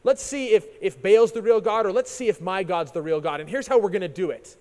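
A man's voice: high-pitched, brisk, darkish tone, lightly acted. A man voicing a bold, sarcastic male prophet of old, taunting and challenging rivals in a retelling. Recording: long reverb of a large hall.

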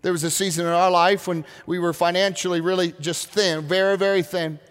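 Male pastor, high voice, earnest sermon, long hall echo. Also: little pitch movement, smooth. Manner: earnest preaching with slow, drawn-out emphasis. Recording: reverberant hall.

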